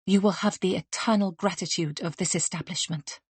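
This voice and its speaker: A woman's voice: fairly low pitch, fairly even intonation, slightly rough, no room sound. A woman voicing a willowy, courtly male restaurant manager who speaks in a formal, decorous way. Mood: grave. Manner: formal, decorous, measured speech.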